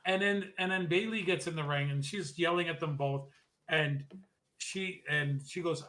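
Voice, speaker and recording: Podcast co-host, male, bright forceful voice, rambling casual wrestling recap. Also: fairly high pitch. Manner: rambling recap, quick asides, mock-quotes wrestlers.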